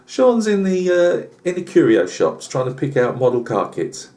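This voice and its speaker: A man's voice: mid-range voice, sing-song, moderate pace, a little mellow. A British man telling a rambling comic tall tale on his channel, full of asides and fillers. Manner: chatty, lots of asides and fillers. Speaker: channel host.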